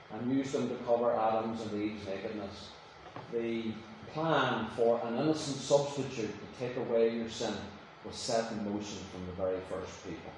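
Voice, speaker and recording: A man's voice: a little high, darkish tone. A preacher delivers a sermon from some way off the mic, his voice ringing around a very reverberant church. He moves from casual storytelling into emphatic, rising declarations, with a faint room hum underneath. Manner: conversational storytelling with emphatic rises. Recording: echoey room, voice from a distance.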